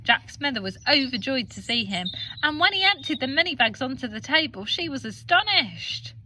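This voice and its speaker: An English woman teacher reading a children's storybook aloud with expressive, animated delivery. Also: high voice, moderate pace, background noise.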